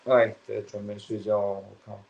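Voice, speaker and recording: A man's voice: lowish voice, flat delivery, a little fast, vocal fry, highs cut off. A young man, chatting casually and slangily on a late-night livestream, sleepy and swearing now and then. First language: Chinese. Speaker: livestream host.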